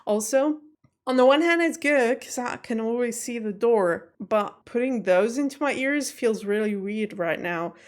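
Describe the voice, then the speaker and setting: A woman's voice: a little high, a little slow. A woman reacting to a TV episode from her home office at night, rambling through question after question with nervous laughs; English is not her first language. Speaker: reaction video host. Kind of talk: casual chat to camera.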